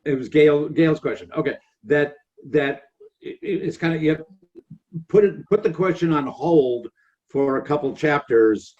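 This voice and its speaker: A man's voice: mid-range voice, darkish tone. Man as a rabbi teaching a study group, conversational, dull lo-fi audio. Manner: explanatory, conversational.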